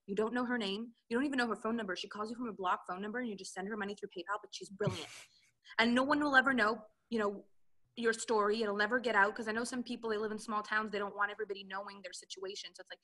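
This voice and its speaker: A woman's voice: mid-range voice, pushed and bright. A woman coaching entrepreneurs, telling her personal story in an interview and acting out the dialogue she quotes. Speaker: relationship and business coach, guest.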